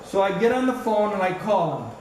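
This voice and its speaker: A man's voice: high voice, big pitch swings, fairly quick. An older man giving a funeral eulogy as a former school colleague, telling fond stories. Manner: storytelling, fond, chuckling. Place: large hall at a funeral service. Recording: echoey hall, distant mic, noisy.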